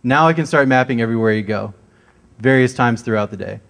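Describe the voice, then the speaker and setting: A man's voice: mid-range voice, fast, creaky, fairly bright tone. A man giving a talk at a security conference in a casual way, often checking in with the audience with "right?". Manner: casual, keeps asking "right?". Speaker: conference presenter. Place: conference stage.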